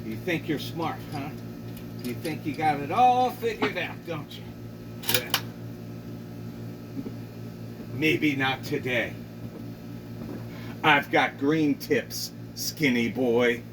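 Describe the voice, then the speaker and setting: A man's voice: on the high side, animated, slow, long pauses, recorded from a distance. Furious hoa president lady waving guns, tough-talking and swearing, a guy doing her voice, mic a ways off, lots of room noise. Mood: taunting. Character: angry hefty middle-aged female HOA president with guns.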